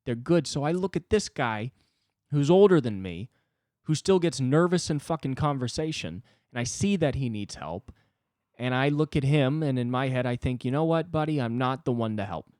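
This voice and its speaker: A man in his twenties hosting a solo comedy podcast, ranting in an agitated, profane way with sudden jumps in pitch. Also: expressive, normal speed, a little mellow, no room sound, studio quality. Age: 20s. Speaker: podcast host.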